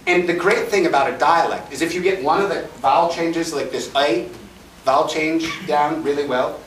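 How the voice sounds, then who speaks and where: A man teaching a voice-acting panel at a convention, animated and joking as he demonstrates sounds and takes questions from the audience. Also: a little high, normal speed, slight background noise. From Chicago. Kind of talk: lively panel talk with audience Q&A. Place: large convention panel room. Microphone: fan camera from the audience, far from the speaker. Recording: echoey hall recorded from far off.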